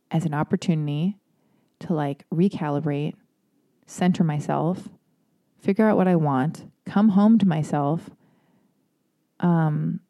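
A woman in casual chat who talks candidly and rambles, with lots of filler words and free swearing. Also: fairly low pitch. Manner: emphatic and animated when worked up.

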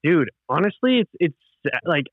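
Here the young male podcast host speaks at a moderate pace with a fairly high, sing-song voice, keeping the chat loose and rambling, full of fillers and curses. There's no room sound, just muffled lo-fi audio.

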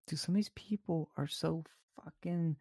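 A man's voice: on the high side, takes it slowly, no echo. A man on a podcast telling a story in casual chat, acting out the other side of a conversation and swearing freely. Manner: animated storytelling, acts out quotes, swears.

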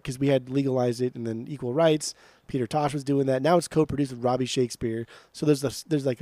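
A man's voice: fairly high pitch, mellow, dry recording. A man co-hosting a podcast in casual chat, giving blunt, profane opinions with lots of emphasis. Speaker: podcast co-host.

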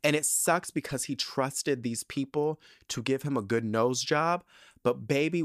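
A young man hosting a podcast, telling a story in a sassy, animated way with lots of emphatic repetition. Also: medium pitch, normal speed, dry recording, studio quality. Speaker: podcast host. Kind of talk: casual podcast monologue.

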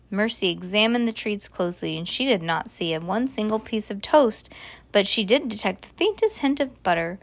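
A woman reading a children's book aloud in a lively, expressive way. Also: medium pitch, moderate pace, vocal fry, no room sound. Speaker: storyteller.

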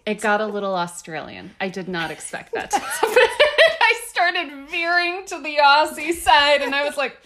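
A woman's voice: high voice, very animated, moderate pace, hardly any pauses, noisy background. Giggly, effusive woman co-host. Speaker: podcast co-host. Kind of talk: casual chat.

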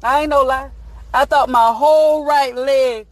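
Animated high-voiced woman host, folksy storytelling. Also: a little slow, no room sound. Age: adult, married. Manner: animated, folksy, emphatic storyteller addressing listeners as honey. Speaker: show host. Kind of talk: lively comedic morning-show monologue.

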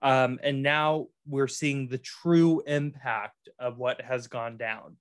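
A man's voice: mid-range voice, steady tone, takes it slowly, smooth, no echo, clean studio sound. A man hosting a casual podcast chat, playful and camp, often laughing. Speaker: podcast host.

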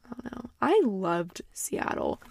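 A woman's voice: mid-range voice, sing-song, a little slow, creaky, darkish tone, breathy edge. A young adult woman hosting a podcast in casual solo chat, rambling, swearing freely and speaking candidly. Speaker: podcast host.

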